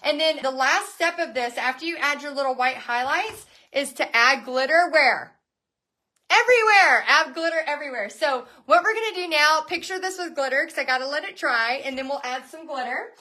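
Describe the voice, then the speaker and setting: A woman's voice: sits high, normal speed, hardly any pauses, bright, forceful tone. A woman hosting a live painting lesson and business coaching session, chatting in a bubbly, gushing way.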